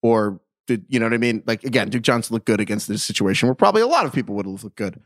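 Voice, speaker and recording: A man's voice: on the low side, lively intonation, racing, no room sound. A man co-hosting a podcast in casual chat, joking and playful, full of pop-culture references, on a studio microphone. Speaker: podcast co-host.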